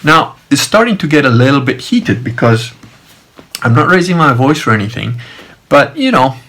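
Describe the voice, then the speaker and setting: A man's voice: mid-range voice, big pitch swings, normal speed, a bit bright. A man streaming a loose, rambling personal story, full of fillers and side remarks. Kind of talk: rambling casual monologue.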